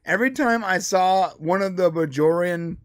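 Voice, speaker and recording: A man co-hosting a casual pop culture podcast, talking in an animated way and acting out quotes. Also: high-pitched, normal speed, no room sound, clean studio sound. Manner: animated, acts out quotes in put-on voices. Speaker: podcast co-host.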